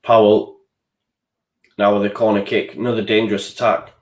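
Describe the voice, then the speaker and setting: A young man hosts a live football watchalong, talking through the match in a frustrated voice and now and then swearing. His voice sits low. The sound bounces around an echoey room. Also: flat delivery, normal speed. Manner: frustrated, swears, reads out viewer chat. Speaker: fan channel host.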